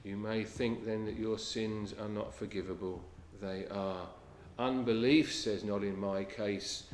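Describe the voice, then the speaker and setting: A man with a fairly low voice preaches an earnest sermon in an echoey room. He quotes scripture in old-fashioned English and drops to a hush on key lines.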